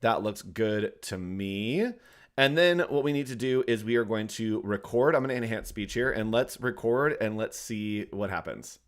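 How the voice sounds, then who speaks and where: A man co-hosting a software tutorial livestream, chatting casually and rambling as he talks to the viewers. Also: lowish voice, animated, normal speed. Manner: chatty, rambling, addresses the chat.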